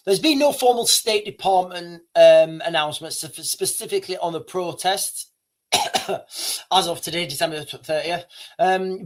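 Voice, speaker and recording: A man's voice: fairly high pitch, a bit bright. A man hosting a casual live stream, rambling and correcting himself as he talks to viewers, coughing now and then. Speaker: livestream host.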